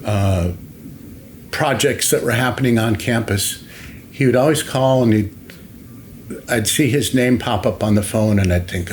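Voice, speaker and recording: An older man, a longtime school facilities director, telling stories in an interview at an unhurried pace with many fillers, acting out what people said. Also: on the low side, slight background noise. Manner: anecdotal, unhurried, many fillers and acted-out quotes. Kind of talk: interview storytelling.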